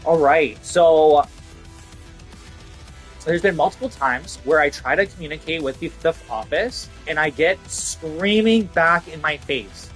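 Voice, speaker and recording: A man's voice: a little high, animated, unhurried, a bit bright, soft background music. A young man ranting casually about losing his job, frustrated and sweary, filling his talk with "like". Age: young adult. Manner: frustrated, swearing, heavy "like" fillers. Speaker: vlogger. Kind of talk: casual rant to camera.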